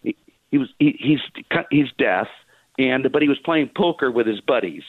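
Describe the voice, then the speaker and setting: A man's voice: mid-range voice, expressive, vocal fry, no room sound. A man calls in to a radio show over a tinny phone line, his voice sitting in an ordinary middle range. He halts often, stacking fillers and restarting his sentences. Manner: halting, many fillers and restarts. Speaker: theater producer guest.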